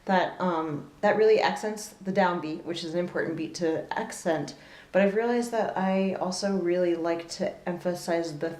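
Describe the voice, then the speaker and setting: A woman's voice: lowish voice, normal speed. Echoey woman teaching the fiddle. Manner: thoughtful, with fillers and soft laughs, counting beats aloud. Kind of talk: relaxed spoken music lesson. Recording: roomy echo with loud fiddle playing.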